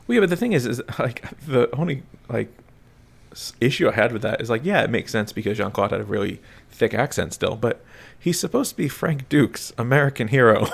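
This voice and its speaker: A man's voice: medium pitch, expressive, brisk, gravelly, slightly rough. A man co-hosting a podcast, discussing a film casually, laughing often and rambling with fillers. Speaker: podcast co-host.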